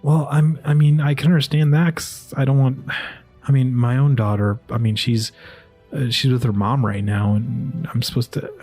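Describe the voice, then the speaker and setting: Man doing a wary human father, exasperated, halting speech, breathy edge. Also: mid-range voice, steady tone, warm tone, faint music behind, lightly acted.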